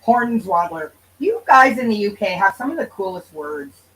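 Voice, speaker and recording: A woman's voice: mid-range voice, sing-song, moderate pace, fairly bright tone, distant mic, low-quality recording. A woman hosting a livestream in casual chat, answering viewers' comments in a loose, profane, bantering way. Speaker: livestream host.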